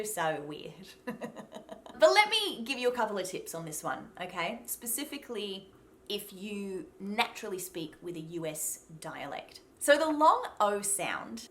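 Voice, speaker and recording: A young woman with an Australian accent, teaching pronunciation in a chatty, encouraging way. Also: mid-range voice. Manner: lively, chatty and encouraging, laughs often. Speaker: accent coach. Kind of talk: accent tutorial to camera.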